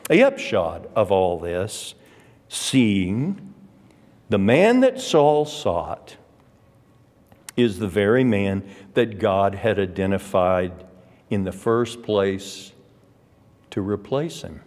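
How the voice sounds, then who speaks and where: Male Bible class teacher, measured and slow, very animated pitch, reverberant hall sound. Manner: emphatic, drawn-out stresses on key words. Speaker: Sunday school teacher.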